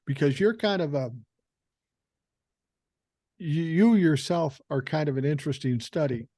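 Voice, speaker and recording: An older man hosts a podcast in a relaxed, blunt way, swearing freely and stumbling over the first words of a thought. His voice sits a little high for a man and sounds dry and close to the mic. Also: a little slow, no echo. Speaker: podcast host. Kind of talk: casual conversational interview.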